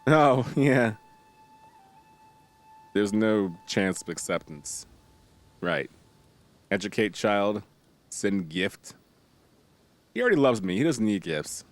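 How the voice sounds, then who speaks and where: Faint music plays behind a man with a low voice who speaks slowly and pauses often. He's streaming a strategy game in a casual way, reading tutorial text aloud, joking with viewers, and bursting out excitedly here and there.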